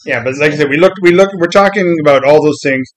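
A man with a slightly high voice chatting casually about comics. He tells stories in an animated way, jumping into voices for the quotes. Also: quick pace, low-quality recording. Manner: animated storyteller, acts out quotes.

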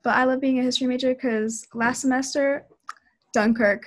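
A young woman, a college student, co-hosting a casual podcast chat over a video call, eager and excitable. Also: high voice, moderate pace. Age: young adult. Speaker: podcast co-host.

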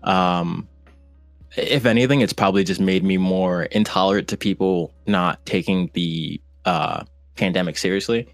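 Podcast guest: a low-pitched man, halting and casual, recorded dry. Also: no echo, soft background music. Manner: hesitant, many fillers and restarts. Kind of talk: casual conversation.

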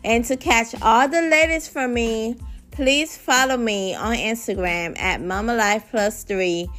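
Slow-talking young mom podcaster. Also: female voice, a little high, a bit bright, faint music behind. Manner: chatty, addresses listeners as y'all. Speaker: podcast host. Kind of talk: casual chat.

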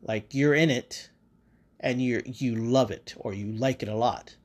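A man hosts a podcast in a loose, rambling monologue. He swears freely and keeps circling back with fillers and restarts. His voice sits at an ordinary middle pitch for a man. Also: a little slow. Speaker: podcast host.

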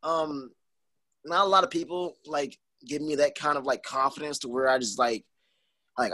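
Rambling husky young man. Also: a little high, normal speed, dry recording. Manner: rambling, filler-heavy, excitable. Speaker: wrestler guest. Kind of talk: casual interview.

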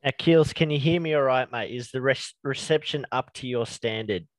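A man's voice: medium pitch, normal speed. An Australian man talking on a headset as a podcast co-host, cheeky and jokey, laughing at himself. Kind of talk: casual banter podcast.

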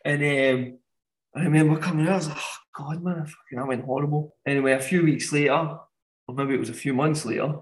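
A man, a podcast guest telling animated anecdotes and laughing often. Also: on the high side, quick pace, poor audio. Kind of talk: casual storytelling.

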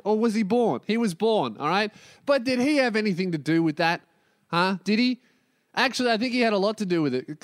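A young man rants loudly on his own podcast, swearing constantly and hopping from one topic to the next. His voice sits fairly high, and the recording is dry with no room sound. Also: dry recording. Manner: profane, yelling and ranting, jumps between topics. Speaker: podcast host. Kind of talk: solo comedic podcast rant.

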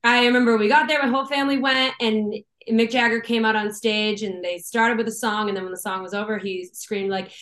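A woman's voice: a little high, brisk, few pauses. Chatty young woman from Boston. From Boston, USA. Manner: chatty, laughs often, animated storytelling. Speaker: guest musician. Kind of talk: casual podcast chat. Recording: roomy echo.

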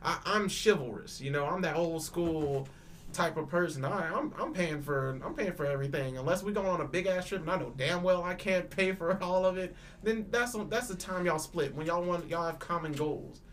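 Animated young man telling a story. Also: a little high, moderate pace, slight background noise. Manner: animated, laughs often, repeats and restarts words, swears freely; acts out both sides of quoted dialogue. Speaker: podcast panelist. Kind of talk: casual storytelling chat.

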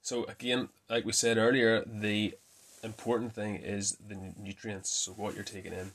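A man hosting a casual fitness talk, chatty and quick to correct himself with a laugh. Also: lowish voice, flat delivery, fairly bright tone. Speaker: fitness podcast host. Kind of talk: casual myth-busting talk.

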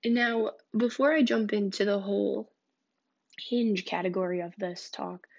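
A woman's voice: medium pitch, steady tone, unhurried, creaky, darkish tone. A young woman hosting a podcast, telling dating stories in a candid, blunt way and swearing freely. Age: young adult. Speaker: podcast host. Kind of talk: casual storytelling podcast. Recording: dull lo-fi recording.

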